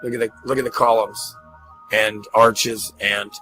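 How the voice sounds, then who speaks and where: A man hosting an excited commentary over pictures, gushing and repeating himself, often stammering. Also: on the low side, a little slow, faint music behind, poor audio. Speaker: host.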